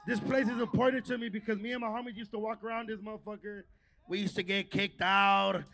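A man co-hosting a live podcast on stage, loud and hyped, shouting out to the crowd. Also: high-pitched, flat delivery, fairly quick, background noise. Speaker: podcast co-host. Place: large concert venue before a live audience.

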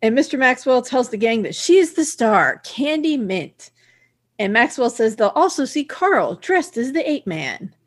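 A woman co-hosts a podcast, recapping a cartoon in easy, casual chat. She sounds chatty and enthusiastic, and her voice sits a little high. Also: big pitch swings. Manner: chatty, enthusiastic, quick to laugh along. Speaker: podcast co-host.

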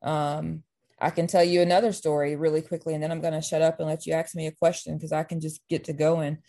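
A woman who coaches basketball tells long personal stories as an interview guest. Her voice sits a little low and sounds warm and mellow. She talks in an animated, heartfelt way, often restarting her sentences. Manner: animated, faith-filled storytelling with quick restarts. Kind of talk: storytelling in an interview.

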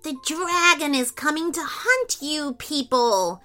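A woman voicing an excitable little girl who dreams of being a superhero, speaking high, eager and dramatic. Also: slow pace, faint music behind, full character voice. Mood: playful dragon-fighting.

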